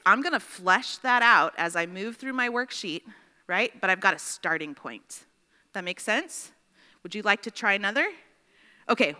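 A woman's voice: mid-range voice, bright, forceful tone, clean tone, in a large hall. A woman teaching a Bible study class in a chatty way, often checking in with her students.

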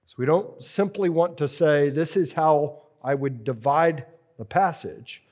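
Man teaching a workshop, slow deliberate delivery, fairly high voice, repeats key phrases. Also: a little mellow. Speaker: preaching workshop instructor.

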